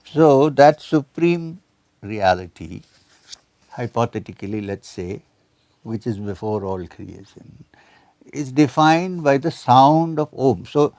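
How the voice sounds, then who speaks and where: A lecturer in his seventies gives a spiritual talk, quoting scripture and Sanskrit verses and asking his audience questions. His mid-range voice is expressive, slow, and a little mellow. The recording is completely dry, with no room sound.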